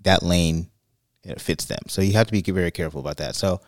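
Male podcast co-host, deep and dry, chatty rambling storyteller. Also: a little fast, dry recording. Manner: rambling, restarts and fillers, animated when quoting. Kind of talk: casual chat, storytelling.

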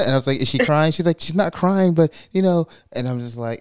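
A man's voice: mid-range voice, lively intonation, a little fast, hardly any pauses, clear, resonant tone. A man co-hosting a podcast, chatting casually and telling a story with laughs and acted-out quotes. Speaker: podcast co-host. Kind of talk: casual chat.

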